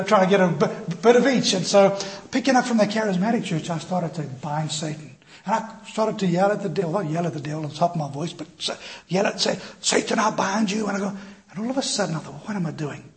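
A male pastor preaching a sermon, telling a personal story in an animated, self-deprecating way and acting out the voices in it. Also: high-pitched, fast, slight background noise. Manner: animated, self-deprecating, acts out quoted dialogue. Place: church.

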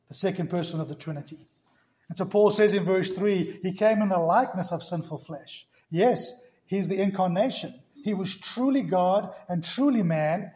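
High-voiced emphatic preacher man. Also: darkish tone, reverberant, rough recording. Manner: emphatic, asks rhetorical questions. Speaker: pastor. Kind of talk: sermon.

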